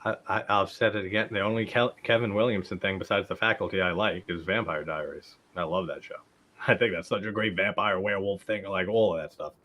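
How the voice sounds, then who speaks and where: A man's voice: deep voice, fairly even intonation, a little fast, pushed and bright. A man hosting a live watch-party stream, chatting casually, laughing often and swearing now and then.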